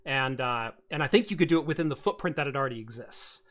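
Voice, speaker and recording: Man, podcast host, casual tech chat, bright forceful voice, rambling, lots of fillers. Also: fairly high pitch, brisk. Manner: rambling, many fillers and restarts, animated storytelling.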